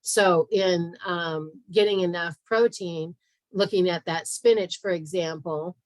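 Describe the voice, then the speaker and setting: A woman's voice: lowish voice, steady tone, measured pace, no room sound, poor audio. A woman hosting a health talk, walking through a slide with chatty asides and many fillers. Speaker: podcast host and health practitioner. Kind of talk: casual presentation over screen share.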